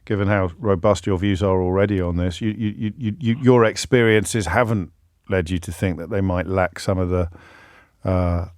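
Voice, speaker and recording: A man's voice: deep voice, little pitch movement, normal speed, a little mellow, no echo, clean studio sound. A man hosting a radio phone-in, chatty and self-mocking, often restarting his sentences. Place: radio studio. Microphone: studio microphone.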